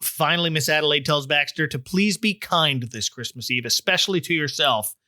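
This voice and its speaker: Bright-voiced podcast host recapping, wry. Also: medium pitch, brisk, no room sound. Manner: wry, joking asides. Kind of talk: recap chat, retelling the plot.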